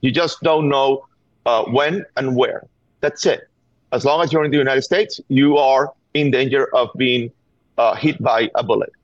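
Speaking a little slowly in a mid-range voice, a middle-aged Venezuelan guest with a Venezuelan Spanish accent presses his points on gun violence with earnest urgency, often repeating words. It's a call-in interview on a dull, dry remote line.

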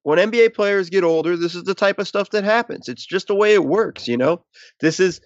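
A man's voice: sits high, a little fast, no room sound, dull audio. A man co-hosting a casual sports podcast, rambling and restarting his sentences as he talks. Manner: rambling, restarts often, self-aware about stuttering. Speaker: podcast co-host.

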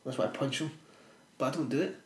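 A Scottish man in his twenties trading crude, dark jokes on a podcast. He swears freely and laughs a lot, at an average pitch. The room gives his voice a noticeable echo. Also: racing. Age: 20s. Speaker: podcast co-host. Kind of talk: casual podcast banter.

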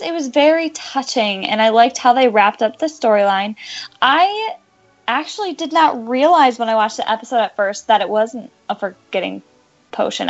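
A woman gushes through casual podcast chat, emotional, with "um" fillers and little laughs. Her voice sits a bit high. The recording sounds slightly dull and lo-fi. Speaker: podcast co-host discussing a TV show.

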